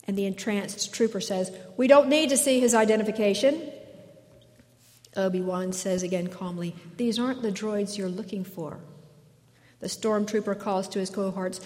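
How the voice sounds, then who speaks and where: A woman's voice: mid-range voice, darkish tone. Woman preaching in an echoey church. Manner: conversational, asks questions of the listeners. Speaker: pastor. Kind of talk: sermon. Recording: echoey hall reverb.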